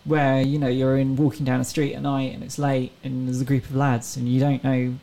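Woman in her 30s, guest on a chat show, earnest and chatty, lots of gravel and fry in her voice. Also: a bass voice, little pitch movement, fairly quick, dark tone, low-quality recording. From England. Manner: earnest, reflective storytelling. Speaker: guest racing driver. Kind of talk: casual interview chat.

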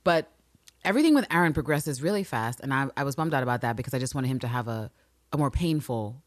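A woman co-hosting a podcast in casual chat, animated and profane, swinging between loud rants and low asides. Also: quick pace, no room sound, studio quality. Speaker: podcast co-host.

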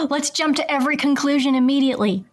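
High-voiced, playful woman co-host. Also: a bit bright. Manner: playful, blunt, jokey. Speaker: podcast co-host. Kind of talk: casual book discussion.

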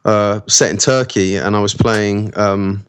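A man's voice: lowish voice, steady tone, measured pace, slight background noise. A man, an actor talking casually in an interview, rambling with many restarts. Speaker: actor guest.

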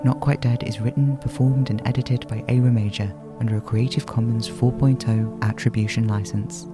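Male host, credits read, matter-of-fact, loud music bed. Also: medium pitch, fairly even intonation, moderate pace. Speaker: podcast host. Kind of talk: end credits reading.

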